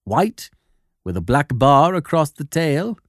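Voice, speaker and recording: A man voicing a cool, shrewd detective who speaks in a measured, quietly sardonic way in an audiobook. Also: on the high side, big pitch swings, no room sound, studio quality. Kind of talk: audiobook character voice.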